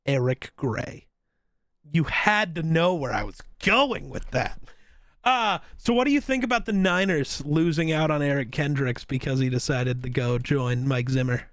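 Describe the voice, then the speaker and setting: A man's voice: on the high side, expressive, moderate pace, fairly bright tone, dry recording. A man co-hosting a podcast in casual sports chat, with teasing, dry, blunt takes. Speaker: podcast co-host.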